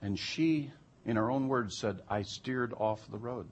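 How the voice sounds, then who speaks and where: The audio is dull as a man with a medium-pitched voice and measured pace tells a story about his jury duty. His emphatic telling becomes heated and incredulous.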